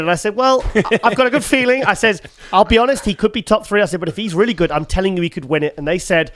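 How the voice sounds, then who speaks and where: A man's voice: high voice, fast talker, hardly any pauses, fairly bright tone, dry recording. A man hosting a podcast from a studio, chatting casually and rambling with many restarts. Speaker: podcast host.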